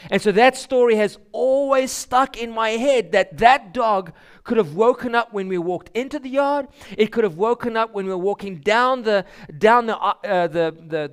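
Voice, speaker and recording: Animated man telling a church story. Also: high-pitched, smooth. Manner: animated storytelling with voiced characters. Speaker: speaker giving a children's story. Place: church sanctuary.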